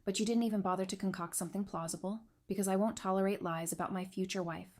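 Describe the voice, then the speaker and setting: A woman's voice: medium pitch, fairly even intonation, quick pace, a little mellow, natural voice. A woman reading as a cold, stern young duke. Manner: cold, clipped, accusing.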